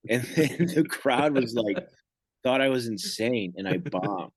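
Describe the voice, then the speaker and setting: Animated rambling man, dry mic. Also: mid-range voice, measured pace, husky, no room sound. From Michigan. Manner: rambling, animated storytelling with many fillers. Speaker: comedian guest. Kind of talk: casual podcast chat.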